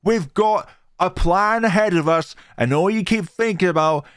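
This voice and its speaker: A man doing a shrill, exasperated crewmate. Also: normal speed, a bit bright, smooth, dry recording, clean studio sound. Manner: scolding and exasperated.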